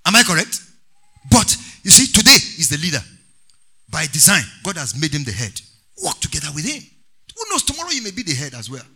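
Bright, lively male preacher. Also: on the high side, fast talker, husky. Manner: emphatic, sing-song preaching with call-and-response. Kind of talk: sermon.

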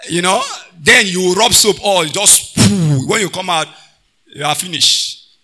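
A man preaching a sermon, swinging between loud bursts and quiet asides and slipping into pidgin phrases. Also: sits high, measured pace, slightly rough.

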